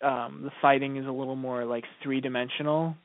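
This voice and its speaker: A man's voice: mid-range voice, little pitch movement, a little fast, no echo. A man co-hosting a radio show, talking casually with many fillers and restarts. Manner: hesitant, lots of fillers and restarts. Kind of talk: casual live radio chat. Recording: tinny phone-like sound, dry.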